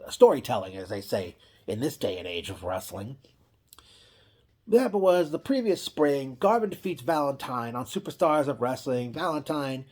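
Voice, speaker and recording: A man casually recapping an old wrestling event, rambling with frequent restarts and self-corrections. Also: mid-range voice.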